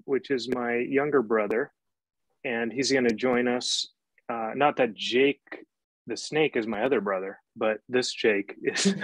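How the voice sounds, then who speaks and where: A man's voice: mid-range voice, no echo, poor audio. A man from Spokane, Washington, hosting a casual discussion, rambling and repeating his words. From Spokane, Washington, USA. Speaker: host. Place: Scotland.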